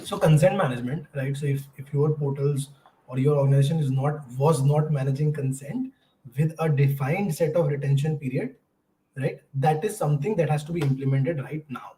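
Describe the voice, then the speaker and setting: A man's voice: on the high side, fairly quick, warm tone, poor audio. A man hosting a panel, chatty and often tagging "right?" onto his sentences. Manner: chatty, keeps adding "right?". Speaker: host. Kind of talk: panel discussion.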